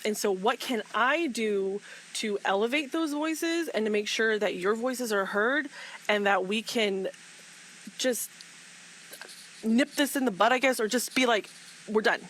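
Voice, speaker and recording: Impassioned woman with a high voice. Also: measured pace, fairly bright tone, slight background noise, low-quality recording. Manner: impassioned, repeats herself, laughs often. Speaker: guest speaker in a live fan discussion. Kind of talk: emotional casual talk.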